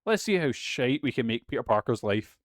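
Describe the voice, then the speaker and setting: A man's voice: medium pitch, sing-song, brisk, slight background noise. Rambling, swearing game streamer man. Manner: rambling, swears often, trails off mid-thought. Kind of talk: casual let's-play commentary.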